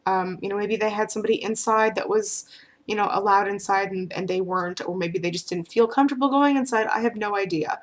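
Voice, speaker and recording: Woman, vlogger, casual storytelling, rambling, lots of ums and restarts, mid-pitched voice. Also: a little fast. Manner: chatty, rambling with fillers and restarts.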